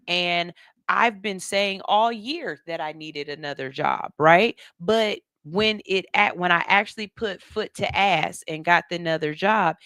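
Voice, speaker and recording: A woman's voice: fairly low pitch, fairly bright tone, clean tone, no echo, clean studio sound. A middle-aged woman, hosting a radio show and chatting loosely, laughing and using slang as she reads listener comments. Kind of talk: casual chat reading viewer comments. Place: radio studio.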